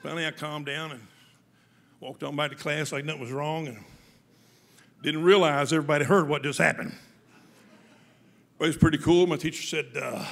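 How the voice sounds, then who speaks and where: A man telling a humorous story to an audience, folksy and lively, often laughing as he goes. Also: fairly high pitch, fairly quick, vocal fry, pauses often, long reverb tail.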